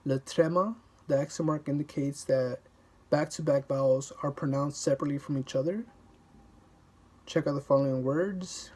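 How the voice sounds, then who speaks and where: Slow, husky man reading a textbook aloud. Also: mid-range voice, darkish tone. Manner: repeats words to practice pronunciation; stumbles and restarts mid-sentence. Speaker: self-study language learner.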